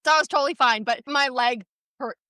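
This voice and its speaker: A young adult woman co-hosting a podcast in casual chat, a lively storyteller who swears a lot. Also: sits high, fairly quick, no room sound, clean studio sound. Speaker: podcast co-host.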